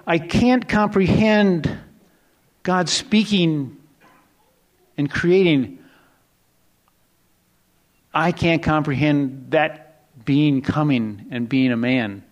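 A male pastor preaches a sermon in a conversational, rambling way, restarting and correcting himself. He swings between hushed, low asides and rising, excited emphasis.

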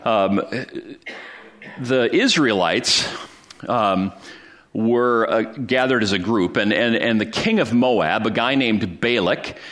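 A man's voice: on the low side, slow pace, fairly bright tone. A man preaching a sermon, retelling a Bible story in a conversational way with frequent fillers and restarts. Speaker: pastor.

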